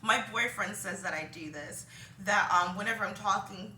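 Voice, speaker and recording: With a mid-range, bright and forceful voice at a moderate pace, a woman vlogs from a home room where laundry sits behind her; a little hiss or hum is audible. Her casual opinion monologue wanders, packed with ums and brief self-directed laughs, recorded roomy and far from the mic.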